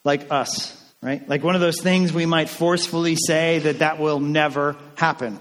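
A man preaching a sermon in a casual, animated way, acting out the lines of the people in the story. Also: a little high, normal speed, few pauses, long reverb tail. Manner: conversational and animated, acting out quotes. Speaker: pastor.

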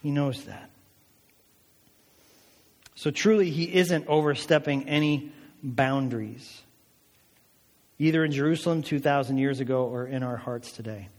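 A man's voice: medium pitch, unhurried, long pauses, in a large hall. A male pastor preaching a sermon, earnest and emphatic, with a lot of repetition.

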